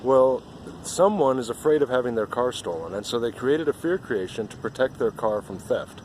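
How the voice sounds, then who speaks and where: A man's voice: medium pitch, animated, moderate pace, darkish tone, a little hiss or hum. A man giving an earnest, rambling spiritual monologue outdoors, often repeating himself.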